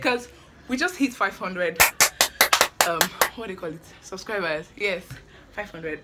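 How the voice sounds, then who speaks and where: A young woman in her twenties talks straight to her viewers in a hyper, breathless rush, repeating phrases and playing up the drama. Her voice sits at an ordinary pitch for a woman. There's clear noise and clicks behind her. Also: lively intonation, unhurried, long pauses. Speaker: YouTuber, medical student. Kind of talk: excited casual vlog chat.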